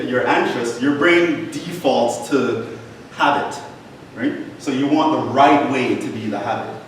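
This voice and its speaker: A male math lecturer, heard from a distance in a very echoey lecture hall. He talks to his class in a casual, encouraging way, with a faint hiss behind him. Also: mid-range voice.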